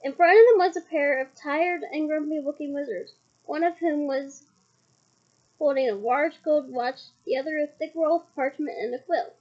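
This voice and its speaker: High-voiced woman reading a novel aloud. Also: normal speed, highs cut off. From Scotland. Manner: chatty asides between passages. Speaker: book reader.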